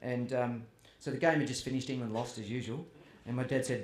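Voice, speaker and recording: A man's voice: mid-range voice, fairly even intonation, brisk. A man telling humorous stories about his family to a festival audience, chatty and self-deprecating. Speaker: author speaking at a festival. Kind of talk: humorous storytelling to a live audience. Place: festival tent or hall with audience. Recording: roomy hall with faint ambience.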